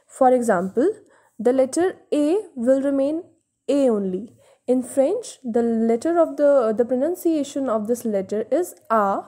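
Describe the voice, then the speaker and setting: A young woman giving a beginner French lesson, slowly repeating each example word and explaining its meaning plainly. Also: high voice, dark tone. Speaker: French teacher. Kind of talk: slow beginner language lesson.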